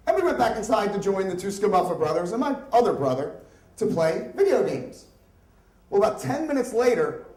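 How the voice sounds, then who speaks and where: A man from the Upper Darby area telling a comic, profane story at a live story slam, chatty and animated. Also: high voice. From Upper Darby, Pennsylvania area. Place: stage at a live storytelling event. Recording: echoey room, voice from far off.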